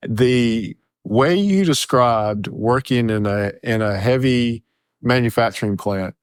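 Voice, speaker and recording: A man with a mid-range voice co-hosting a casual podcast. He answers briefly and relaxed, laughs easily, and tells stories at an easy pace. The recording is close and dry. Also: mid-range voice, takes it slowly, clear, resonant tone, dry recording. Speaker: podcast co-host. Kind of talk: casual chat.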